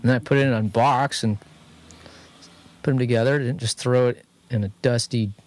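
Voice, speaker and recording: A man with a Californian accent co-hosting a podcast, telling a long garage story in a rambling, animated way. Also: medium pitch, moderate pace. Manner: rambling, animated anecdote telling, quotes others in lively voices. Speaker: podcast co-host. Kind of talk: casual garage chat, storytelling. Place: home studio.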